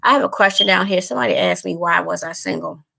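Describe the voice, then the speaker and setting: A woman's voice: on the low side, fast talker, gravelly, pushed and bright. A woman vlogger talking straight to her viewers in casual chat, earnest and emotional, repeating herself as she goes. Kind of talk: casual direct-to-camera chat.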